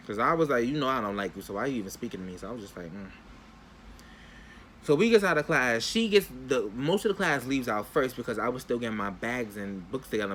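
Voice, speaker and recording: A young man talks straight to his viewers in a casual storytime vlog, using loose slang. His pitch sits in the middle but swings widely as he tells the story. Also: fairly bright tone, a little hiss or hum. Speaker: vlogger.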